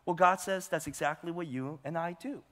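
A man's voice: on the high side, normal speed, pushed and bright. A male pastor preaching a sermon with emphasis, putting rhetorical questions to his congregation. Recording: long hall reverb.

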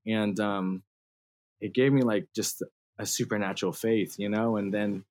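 A man's voice: on the low side, fairly even intonation, moderate pace, a little mellow. A man in his thirties telling his story as a guest in a casual interview, laughing often and using slang and fillers. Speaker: guest musician.

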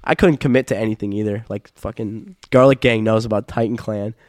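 A man's voice: lowish voice, steady tone, a little fast, a little mellow, no echo, studio quality. Young man telling stories, swearing casually. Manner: self-mocking storyteller, swears freely. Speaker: podcast guest. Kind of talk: casual chat.

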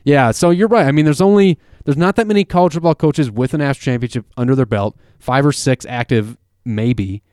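A man's voice: medium pitch, a little fast, hardly any pauses, no echo, studio quality. Rambling male sports podcast host. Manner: rambling, self-interrupting, animated. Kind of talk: casual sports talk.

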